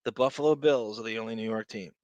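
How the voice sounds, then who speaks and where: A man's voice: on the low side, fast, a little mellow, dry recording, highs cut off. A man co-hosting a podcast, speaking in a sarcastic, profane ranting manner during casual commentary. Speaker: podcast co-host.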